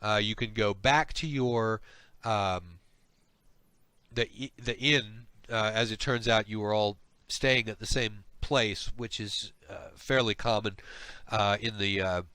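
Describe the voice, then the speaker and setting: A man's voice: on the low side, slow, pushed and bright, smooth, no room sound. Rambling man narrating a tabletop game. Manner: rambling, hesitant, lots of uh. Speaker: game master.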